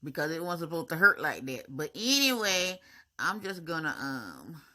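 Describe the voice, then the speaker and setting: A woman's voice: low-pitched, moderate pace. A woman, chatting to viewers in a casual voice-over about her braces appointment. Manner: chatty, animated, talks to viewers as y'all, honey and baby.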